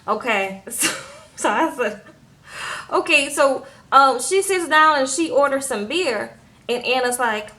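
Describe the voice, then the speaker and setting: A woman's voice: high-pitched, expressive, a little slow, sharp tone. A woman casually recapping a reality show, retelling scenes and quoting people with a sassy "okay?" after her lines.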